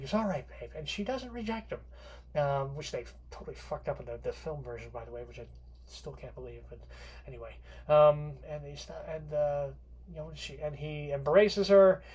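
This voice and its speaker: A man's voice: fairly high pitch, breathy edge. Rambling man lecturing on literature. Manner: rambling, many fillers and restarts, casual swearing.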